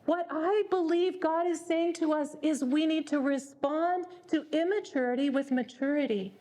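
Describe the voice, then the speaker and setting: A woman's voice: sits high, moderate pace, dark tone. A woman leading a parenting workshop, speaking earnestly and repeating words as she thinks. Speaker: workshop leader.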